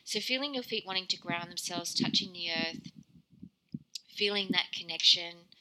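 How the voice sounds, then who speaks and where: Bright-voiced woman guiding a meditation. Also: fairly low pitch, a little hiss or hum, poor audio. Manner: soft, meandering, with giggles. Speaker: meditation guide. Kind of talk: guided meditation.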